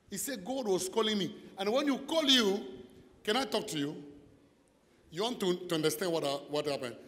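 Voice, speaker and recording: High-pitched male pastor with broken English, shouts and direct questions, echoing church hall. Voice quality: non-native English with broken grammar. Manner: preaching with sudden shouted calls and repeated questions to the listener. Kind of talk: deliverance sermon.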